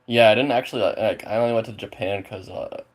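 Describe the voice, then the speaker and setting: A man's voice: on the low side, brisk. A man from the US Pacific Northwest chatting casually with viewers, rambling and swearing freely, his sentences full of fillers. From Spokane, Washington, USA. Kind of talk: casual chat.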